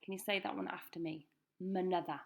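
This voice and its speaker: Woman teacher with some vocal fry, patient and deliberate as she drills pupils on new words. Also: on the low side, fairly even intonation. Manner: slow, careful pronunciation drills. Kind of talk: recorded classroom lesson. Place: school.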